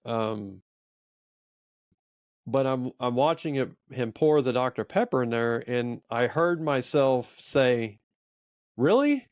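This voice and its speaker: A man's voice: mid-range voice, takes it slowly, no room sound, studio quality. A man in his forties co-hosting a faith podcast, telling a personal story in a rambling, earnest, self-reflective way. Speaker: podcast co-host. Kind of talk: casual storytelling chat.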